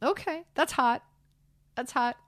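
Chatty animated woman sports radio host. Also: sits high, slow pace, no echo. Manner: animated, chatty, self-deprecating, many fillers. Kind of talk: casual sports talk chat.

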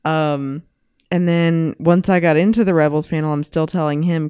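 A woman co-hosting a podcast in casual chat, talking in a relaxed, rambling way. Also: deep voice, brisk, smooth, no echo, studio quality. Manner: relaxed, rambling, with many fillers. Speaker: podcast co-host.

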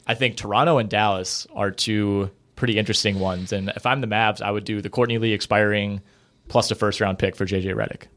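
A man co-hosts a podcast, casually talking through basketball trades and hedging with lots of fillers. His voice is on the low side and a bit bright, with a steady tone and a fairly quick pace.

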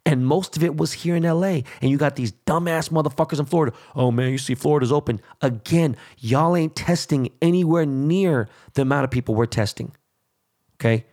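A man's voice: fairly high pitch, brisk, a little mellow. A man hosting his own show, delivering an angry, crude political rant full of swearing. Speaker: show host.

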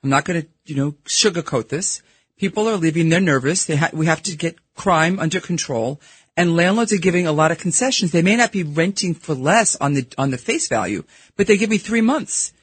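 Husky Brooklyn woman, dry close sound. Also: on the low side, animated, dry recording. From New York. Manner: emphatic, candid, talks in quick bursts. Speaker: guest. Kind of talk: casual studio interview. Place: radio studio.

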